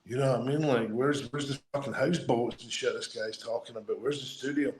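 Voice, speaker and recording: A man's voice: medium pitch, fairly even intonation, a little fast, darkish tone, echoey room, poor audio. Scottish man telling profane stories. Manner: profane, laughing anecdotes. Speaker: guest, former wrestler. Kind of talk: casual storytelling.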